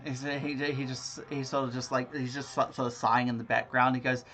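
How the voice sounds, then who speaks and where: A man narrating a tabletop role-playing game as game master, rambling and halting, with frequent laughs. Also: medium pitch, flat delivery, fairly bright tone, soft background music.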